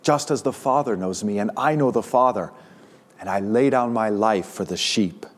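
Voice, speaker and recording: A man's voice: fairly low pitch, normal speed. Emphatic male pastor preaching a sermon. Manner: emphatic, rising sharply on key words.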